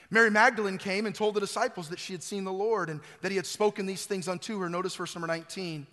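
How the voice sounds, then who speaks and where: Man, pastor preaching, high bright voice, swings between loud and quiet, church hall reverb. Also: quick pace, hardly any pauses. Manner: preaching with swells of loud emphasis and quiet drops. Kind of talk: sermon. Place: church sanctuary.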